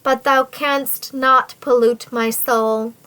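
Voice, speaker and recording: Brief: steadfast captive young woman, woman reading, calm defiance, slow. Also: high voice, exaggerated voice, rough recording. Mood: resolute. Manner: calm, resolute, dignified. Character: steadfast young woman defying her captor.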